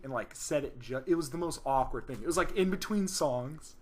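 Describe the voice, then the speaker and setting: A man's voice: on the high side, expressive, brisk, few pauses, a bit bright. A young man co-hosting a podcast, telling rambling stories in casual chat. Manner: rambling storyteller, lots of fillers. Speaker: podcast co-host.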